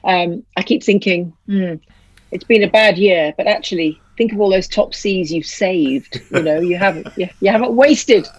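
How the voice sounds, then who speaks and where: A woman's voice: on the low side, normal speed, dry recording, muffled recording. A middle-aged woman, an opera singer, telling stories in a chatty way and laughing often on a video call. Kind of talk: casual chat.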